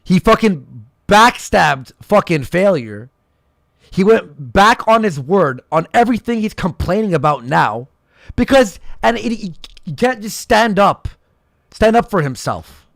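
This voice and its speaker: A man's voice: high voice, very animated, a little slow, vocal fry, fairly bright tone, dry recording, clean studio sound. A man hosting a livestream of call-ins, ranting angrily and swearing constantly. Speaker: livestream host. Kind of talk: angry livestream rant.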